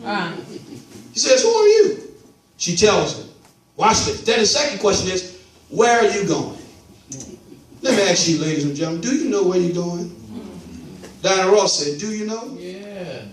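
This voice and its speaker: A male pastor preaching an animated sermon, repeating catchphrases to his congregation. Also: sits high, moderate pace, long pauses. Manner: animated call-and-response preaching, repeats "watch this". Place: church sanctuary. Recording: echoey church hall from far off.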